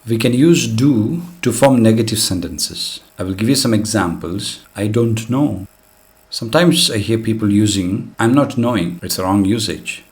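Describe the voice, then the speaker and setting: A man's voice: lowish voice, darkish tone. A man teaching an English grammar lesson, explaining rules patiently and step by step with plenty of example sentences.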